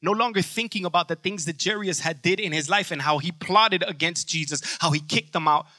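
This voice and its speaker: A man preaching with a high, intensely forceful voice. He speaks in an emphatic, conversational way and keeps throwing rhetorical questions at the congregation. The sound is very dry and close. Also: fairly quick, no room sound. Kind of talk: sermon.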